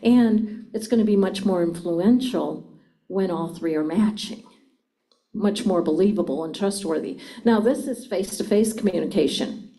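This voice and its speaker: Woman speaker at a seminar, mellow warm voice, keeps asking the crowd stuff. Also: medium pitch, moderate pace. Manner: engaging, asks the audience questions. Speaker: communication speaker. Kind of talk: live seminar talk to an audience.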